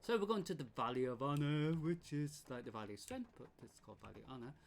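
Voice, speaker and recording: Chatty rambling game streamer. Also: male voice, medium pitch, expressive, fast talker, vocal fry. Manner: chatty, rambling, laughs often. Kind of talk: casual gameplay commentary. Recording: stream mic with game music.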